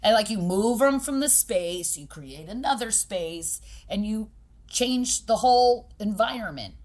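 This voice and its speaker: A woman's voice: mid-range voice, animated, unhurried, darkish tone. A woman being interviewed as a podcast guest. She speaks directly and pragmatically, with emphasis, and acts out the people she quotes. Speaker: podcast guest, boxing gym owner. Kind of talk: conversational interview.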